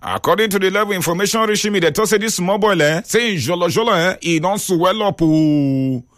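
A Nigerian man hosting a radio call-in show in Pidgin, animated and exclaiming as he reads listener messages. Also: sits high, fairly quick, no echo, studio quality. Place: radio studio.

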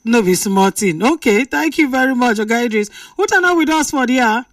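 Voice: mid-range voice, lively intonation, fairly quick, a bit bright, dry recording, clean studio sound, distant mic. A radio host with a Nigerian accent, chatting with callers in a playful, teasing way. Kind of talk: lively call-in radio chat. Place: radio studio.

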